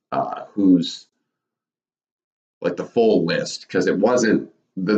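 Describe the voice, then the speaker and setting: A man casually giving his thoughts on wrestling for his channel, rambling with lots of self-corrections. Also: lowish voice. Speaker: wrestling commentary YouTuber. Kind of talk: casual spoken commentary. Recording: roomy, dull lo-fi.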